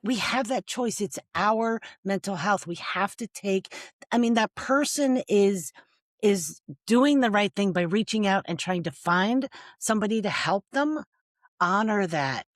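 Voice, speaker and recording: A woman's voice: mid-range voice, lively intonation, a little slow, no room sound. Earnest woman, dry close sound. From United States. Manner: earnest, laughs often, tag questions. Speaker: guest, nonprofit founder. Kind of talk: emotional interview talk.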